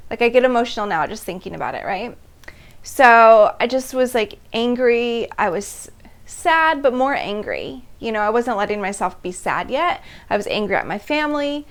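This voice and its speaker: Telling her own story as host, this thirtysomething woman speaks at a normal speed in a slightly high voice. She laughs between lines and animatedly performs her past reactions.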